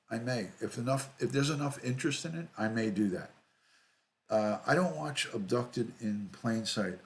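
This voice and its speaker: A middle-aged man, hosting a casual livestream, reading viewer comments aloud and greeting people by name, often repeating himself. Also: mid-range voice. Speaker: livestream host, retired detective.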